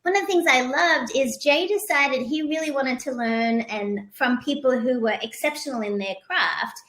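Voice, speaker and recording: Lively storytelling woman, echoey room. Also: high voice, normal speed. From moved to the US from abroad. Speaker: podcast guest, author. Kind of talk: storytelling interview talk.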